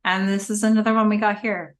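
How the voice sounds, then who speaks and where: A woman co-hosting a podcast in casual chat, animated, with frequent laughs and trailing fillers. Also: medium pitch, fast talker. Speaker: podcast co-host. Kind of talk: casual chat recapping a TV show.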